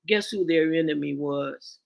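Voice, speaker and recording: A woman's voice: low voice, measured pace, gravelly, a little mellow. A woman speaking as a guest and ritual teacher, blunt and profane, preaching with rhetorical questions. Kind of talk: impassioned spoken address.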